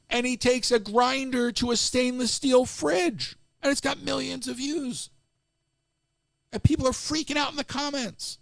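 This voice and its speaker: A man's voice: extremely high pitch, normal speed, vocal fry, no echo, clean studio sound. A man hosting a live stream, ranting casually in an exasperated way and restarting his sentences often.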